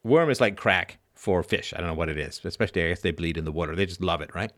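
A man in his fifties hosting a live show, talking in an animated, sarcastic way. He swings from quiet asides to loud, emphatic outbursts and keeps asking "right?". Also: low-pitched, fast talker, few pauses. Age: 50s. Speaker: show host.

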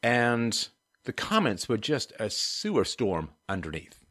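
A man hosting a livestream, reading viewer comments and ranting sardonically, swinging between low mutters and loud outbursts. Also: huge pitch swings, measured pace. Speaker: host of a call-in and live-chat show.

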